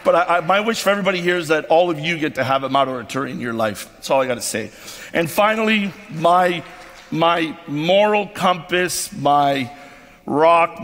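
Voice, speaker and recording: A man's voice: a little high, fairly bright tone. Effusive man on a convention stage. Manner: effusive and emotional, with frequent ums and restarts. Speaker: keynote speaker at a company convention. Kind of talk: motivational speech. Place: convention stage in a large hall. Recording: long hall reverb from a convention stage.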